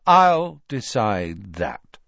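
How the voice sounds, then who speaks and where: A man's voice: lowish voice, very animated, drawn-out words, creaky, a bit bright, dry recording, dull audio, heavily acted. A man voicing a sneering, arrogant teenage boy wizard who talks coldly and threateningly. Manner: cold, threatening, contemptuous.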